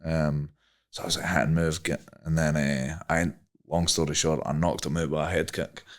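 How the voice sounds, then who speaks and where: A man's voice: very deep voice, flat delivery, moderate pace. A young Scottish man, a podcast guest, telling a rambling story casually, swearing freely and using many fillers. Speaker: guest, MMA fighter.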